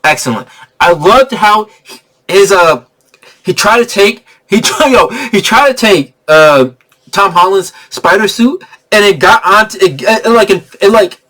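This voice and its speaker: A man giving a casual spoiler review of a movie. He is excitable and slangy, laughs often, and rambles with many restarts. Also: high voice, measured pace.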